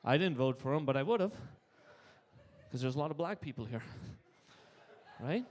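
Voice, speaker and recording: Canadian man doing stand-up, high voice, punchy delivery, live club with long reverb. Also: expressive, normal speed, a little mellow. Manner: punchy, tags jokes with "right?". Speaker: stand-up comedian. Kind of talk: stand-up set. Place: live comedy stage.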